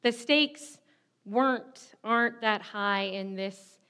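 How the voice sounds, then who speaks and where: A woman's voice: medium pitch, slow pace, pushed and bright, clear, resonant tone. A woman in her thirties preaching a sermon, telling a candid personal story in a self-deprecating way. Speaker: pastor.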